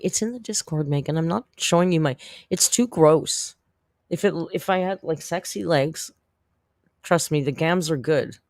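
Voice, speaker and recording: A man's voice: mid-range voice, no echo, clean studio sound. A man hosting a casual livestream, chatting with viewers in a rambling, self-deprecating way and laughing often. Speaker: YouTube commentary host.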